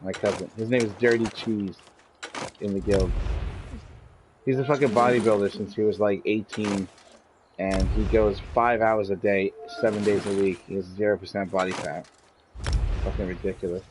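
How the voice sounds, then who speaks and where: Over a noisy background, a game streamer with a lowish, steady voice talks at a normal speed. He chats casually while playing, spinning long, meandering tales full of profanity.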